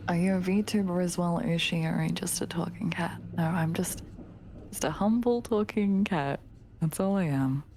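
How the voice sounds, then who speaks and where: A woman's voice: fairly low pitch, normal speed, a little hiss or hum. Tired, giggly woman streamer. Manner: laughs often, drifts into soft whispers. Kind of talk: casual chat reading viewer comments.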